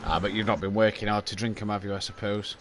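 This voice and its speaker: A man's voice: fairly low pitch, steady tone, fast, background noise. A young man hosting a live sim-racing stream, chatting and explaining at length while sleepy from hours on air. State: sleepy, late in an endurance stream. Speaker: stream host. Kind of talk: casual live-stream chat about a sim race.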